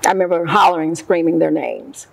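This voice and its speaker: A middle-aged woman shares her own story as an interview guest, her fairly low voice gravelly, a little husky, and slightly fast. Emotional and animated, she acts out what other people said, though the audio quality is poor.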